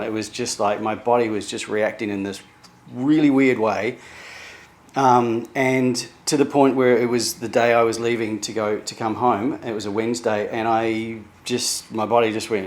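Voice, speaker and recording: A middle-aged man from New Zealand talking candidly in a personal vlog, halting and emotional, with many restarts. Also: on the low side, fairly even intonation. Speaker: vlogger sharing therapy progress.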